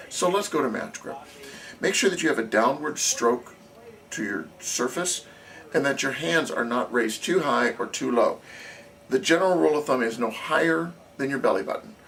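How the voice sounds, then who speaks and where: A man's voice: medium pitch, a bit bright. A man teaching snare drum technique as a drumline instructor, explaining methodically and counting beats aloud. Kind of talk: instructional demonstration. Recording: distant camera audio with faint noise.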